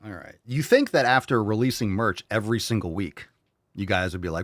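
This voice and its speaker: A low-pitched man hosting a livestream, ranting with mocking, profane commentary between comments read from chat. His voice sits close and dry on the mic, with no room around it. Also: expressive, brisk, no echo. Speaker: host.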